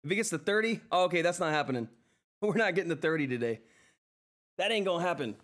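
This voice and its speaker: Excitable, effusive male stream host. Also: a little high, fast talker. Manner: effusive, thanks viewers over and over, laughs often; excitable, flustered exclamations. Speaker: livestream host reading viewer chat. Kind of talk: live stock-trading stream commentary. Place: seated in a chair at home.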